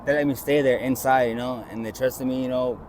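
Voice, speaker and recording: A man's voice: mid-range voice, fairly even intonation, brisk, a little mellow. A man being interviewed on the street, telling a rambling personal story and acting out what others said. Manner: rambling, acts out quoted voices. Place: outdoors by a street with traffic. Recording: outdoor street noise and traffic.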